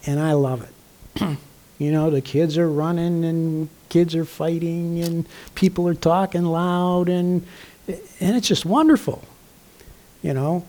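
An older man, a pastor, delivering a conversational sermon with frequent throat clearing and fillers. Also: fairly high pitch, slow pace, dark tone.

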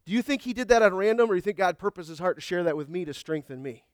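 A middle-aged man preaching in a high, light voice, close and dry with no room sound. He talks in a conversational way, slipping in homey jokes and little acted asides between points. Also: animated, very fast, clean tone, no echo. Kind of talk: sermon.

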